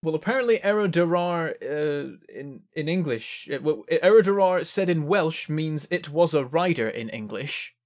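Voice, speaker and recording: A man's voice: fairly high pitch, lively intonation, normal speed, hardly any pauses. A man giving casual gameplay commentary, thinking aloud as he works things out. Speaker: game streamer.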